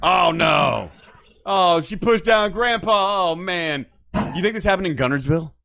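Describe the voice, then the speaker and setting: A man's voice: high-pitched, lively intonation, a little slow, creaky, bright, forceful tone. A man hosting a late-night show, ranting casually in a profane, mocking way. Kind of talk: casual on-air rant.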